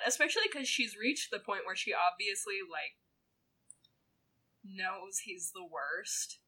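A woman's voice: mid-range voice, bright, forceful tone. A woman co-hosting a podcast, giving frank, wry opinions in casual chat. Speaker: podcast co-host.

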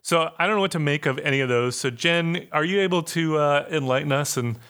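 A man hosting a podcast in a casual, chatty way, joking with his co-hosts and making quick asides. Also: a little high, a bit bright, clean tone. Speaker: podcast host.

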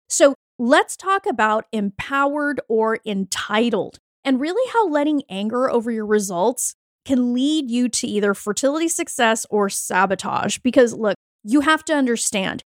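A woman with a voice on the high side hosts a solo podcast as a fertility coach, delivering a blunt, profane, hyped-up motivational pep talk. The sound is studio quality with no echo.

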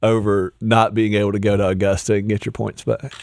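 A man co-hosting a podcast in casual chat, teasing his partner with quick jokes. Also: lowish voice, flat delivery, gravelly, darkish tone, no echo. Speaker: podcast co-host.

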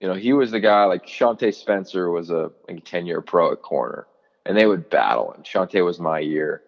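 Gravelly and low, this former player and coach in his forties, now a college football analyst, spins animated stories at a moderate pace during a podcast interview, stumbling through fillers and restarts and acting out quotes. The recording has a long reverb tail and its highs cut off.

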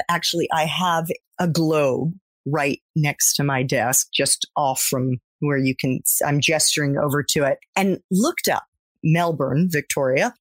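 A woman's voice: fairly low pitch, no room sound, studio quality. An American woman in her forties hosting a podcast interview, chatty and upbeat. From Maryland, United States. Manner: chatty, upbeat, lively intonation. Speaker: podcast host.

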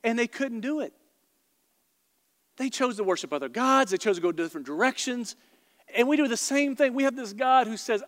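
A man with a high, bright-pitched voice preaches to a packed church. Long reverb trails each phrase through the big hall, and he tells stories with lively asides to the crowd. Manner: animated storytelling, quick asides to the congregation. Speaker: pastor. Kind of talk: sermon. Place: large church auditorium before a congregation.

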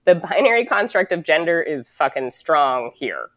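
A woman's voice: low voice, sing-song, normal speed, dry recording. A woman from the United States in a casual, reflective conversation, rambling and full of "like", swearing now and then.

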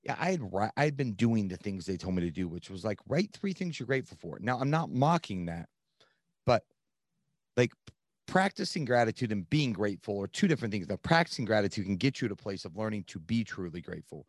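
A man in his thirties, a podcast guest, telling his own story in an earnest, animated way with plenty of "like" fillers. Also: on the low side, brisk, no echo, studio quality. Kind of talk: candid storytelling.

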